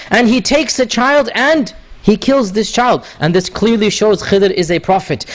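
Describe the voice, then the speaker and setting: High-voiced man telling a sermon story. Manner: animated storytelling, frequent rhetorical "right?". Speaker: religious teacher.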